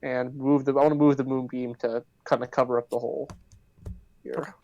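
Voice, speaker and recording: A man playing a tabletop game on a stream, excitable and quick to laugh and swear. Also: medium pitch, muffled recording. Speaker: player.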